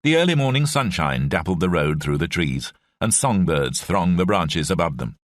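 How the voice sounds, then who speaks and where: Deep-voiced male audiobook narrator. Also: very animated, moderate pace, no echo, studio quality. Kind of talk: scripted narration.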